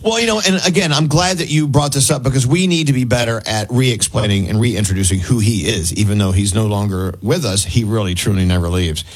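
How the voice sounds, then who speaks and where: A middle-aged man hosting a morning radio show, chatty and quick to laugh. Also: fairly low pitch, husky, rough recording. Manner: chatty, jokey, laughs easily. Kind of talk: casual radio chat. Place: radio studio.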